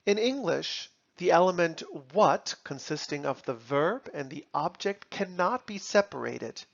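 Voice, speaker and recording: Very slow, deliberate language teacher. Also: mid-range voice, lively intonation, vocal fry, dull audio. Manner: slow, deliberate, spells out example sentences. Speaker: German teacher. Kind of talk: language lesson explanation. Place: outdoors in a city park.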